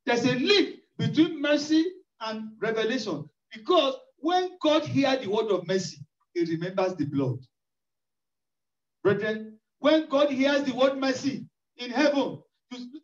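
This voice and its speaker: Sounding far from the mic in an echoey church hall, a preacher delivers a sermon in a strikingly high voice, relying on repetition and rising cries for emphasis. His intonation is lively and a little slow, and the recording comes across muffled and lo-fi.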